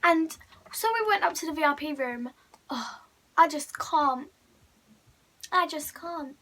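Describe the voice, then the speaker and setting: A woman's voice: high-pitched, animated, a little slow, bright, forceful tone, low-quality recording. A teenage girl telling a gushing, breathless fan story on her vlog. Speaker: vlogger.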